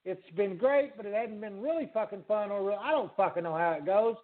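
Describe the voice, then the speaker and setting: Profane rambling male podcast host, high voice, tinny phone-like sound. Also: fairly quick. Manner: rambling, swears freely, laughs a lot. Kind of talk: casual profane chat.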